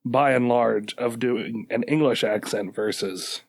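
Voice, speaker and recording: A man's voice: medium pitch, a little slow, creaky. A man with an American accent co-hosting a casual podcast, chatty and laughing easily. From United States. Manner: chatty, laughing, does silly mock voices. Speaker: podcast co-host. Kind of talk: casual chat.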